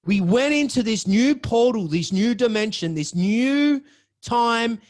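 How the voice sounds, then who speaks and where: A man's voice: very high voice, expressive, a little slow, a little mellow. A man, a podcast host telling a personal story in a dramatic way and swearing freely.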